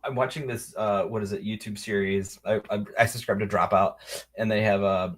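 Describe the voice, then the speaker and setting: A young man co-hosting a casual podcast chat, laughing often and quoting movie lines in a squeaky put-on voice. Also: fairly even intonation, brisk, fairly bright tone. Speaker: podcast co-host.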